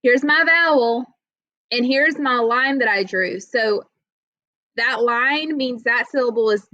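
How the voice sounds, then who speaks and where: A woman with a bright, forceful voice walks young readers through a phonics lesson, patient and step by step. Her voice sits a little high, and she often checks in with the class. The audio is dull and lo-fi, with a dry, close sound. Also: slow, dry recording. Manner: patient, step-by-step explaining with frequent "okay?" checks. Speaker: teacher. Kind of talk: reading lesson for children.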